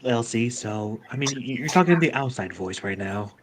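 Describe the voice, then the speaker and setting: A man's voice: mid-range voice, lively intonation, normal speed, a crowd in the background. A man who is a first-time guest on a livestream, talking hesitantly with stammers and restarts in a friendly way. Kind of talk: casual livestream chat.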